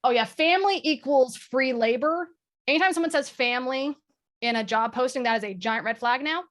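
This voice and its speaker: A woman's voice: sits high, brisk, fairly bright tone. Candid, self-mocking woman on a call. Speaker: guest. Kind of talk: casual chat on a video call. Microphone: video call.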